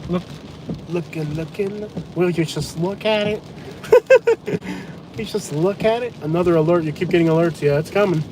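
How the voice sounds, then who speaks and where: Blunt, excitable male storm vlogger with a high voice, riding in a truck with rain faintly behind him. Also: fairly quick. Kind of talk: live storm commentary. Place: inside a truck during a hurricane. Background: rain and wind.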